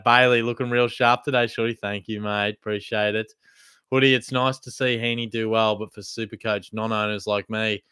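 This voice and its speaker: A man's voice: medium pitch, a bit bright, smooth, no echo, studio quality. A man with an Australian accent hosting a livestream, reading out chat questions and answering in laid-back banter. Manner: chatty, laid-back banter with swearing and laughs. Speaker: livestream host.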